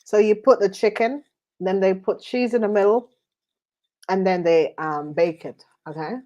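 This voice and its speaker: A woman's voice: mid-range voice, fairly even intonation, moderate pace, dark tone, lo-fi sound. A woman tarot reader chatting casually while eating, rambling with many fillers.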